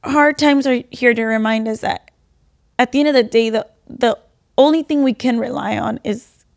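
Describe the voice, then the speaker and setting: Young woman co-host, fairly high voice, earnest faith-centered chat, animated. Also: creaky. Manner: earnest, animated, quick bursts and soft drops. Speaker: podcast co-host. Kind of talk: casual faith-based chat.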